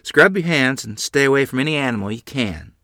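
A man voicing a stern, worried frontier mother in a read-aloud story, raising his voice high for her. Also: animated, a little fast, pushed and bright, no echo, clean studio sound. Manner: scolding, clipped.

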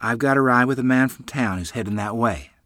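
A man voicing a worried rural mother in a read-aloud family story, pitching his voice up to play her. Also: brisk, fairly bright tone, no echo, clean studio sound, close to an everyday voice. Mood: anxious. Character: worried rural mother, middle-aged woman.

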